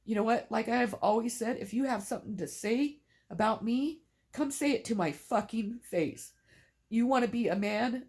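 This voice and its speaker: A woman's voice: medium pitch, a little mellow. A middle-aged mother speaking emotionally to camera, tearful and defiant, swearing in anger.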